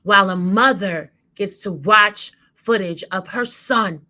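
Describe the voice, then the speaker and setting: Slow, impassioned woman delivering a monologue. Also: medium pitch, pushed and bright. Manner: rhythmic, building emotional delivery. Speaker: guest co-host.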